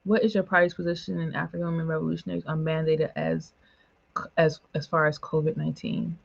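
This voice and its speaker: A woman speaking emphatically in a political broadcast discussion, with quick asides and short laughs. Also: deep voice, level tone, creaky, dull audio. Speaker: panelist for a women's political organization.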